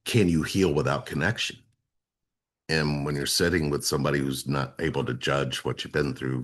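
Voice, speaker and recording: A man with an extremely low, husky voice talks in an earnest, explanatory way. He often repeats himself for emphasis, like a coach walking listeners through his program. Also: a bit bright. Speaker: relationship coach, co-host. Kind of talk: casual explanatory talk.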